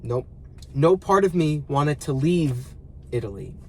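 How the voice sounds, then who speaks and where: A man with a slightly high voice vents in a casual vlog, recorded in a parked car. His manner is dramatic and mock-complaining, with every gripe exaggerated. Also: sing-song, unhurried, darkish tone, slight background noise. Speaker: vlogger.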